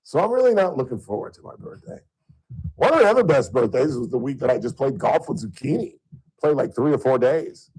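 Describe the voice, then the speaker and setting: Animated middle-aged male radio host. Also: a little fast, breathy edge, poor audio. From Southern California. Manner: animated, gets loud and high when worked up. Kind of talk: casual on-air storytelling.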